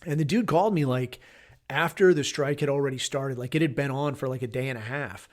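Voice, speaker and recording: A man's voice: mid-range voice, brisk. Profane, rambling middle-aged man ranting. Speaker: podcast host. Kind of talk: casual rant.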